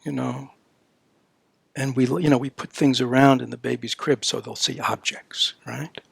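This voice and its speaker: With a steady tone at medium pitch, his creaky, husky voice moves at normal speed, with no echo. An older Buddhist dharma teacher at a retreat, he talks conversationally, filled with "you know" and "right?", and sometimes voices baby talk playfully.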